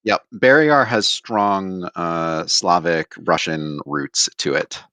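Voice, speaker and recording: A man's voice: low voice, takes it slowly, pushed and bright, no room sound. A man hosting a casual book podcast, leading the discussion with dry, wry asides. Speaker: podcast host.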